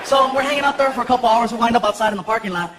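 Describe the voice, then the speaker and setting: A man from Los Angeles telling stories on stage in an animated stand-up set, acting out voices. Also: very high-pitched, very fast, heavy background noise. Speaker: stand-up comedian. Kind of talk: stand-up comedy storytelling. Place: large comedy theater. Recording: roomy hall, loud audience laughter.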